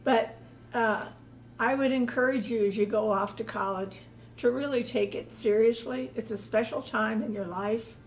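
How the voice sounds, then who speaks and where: An older woman with a somewhat high voice, earnestly encouraging young people heading off to college. She speaks in a sincere, steady way. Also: moderate pace, a little hiss or hum, poor audio. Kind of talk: advice speech.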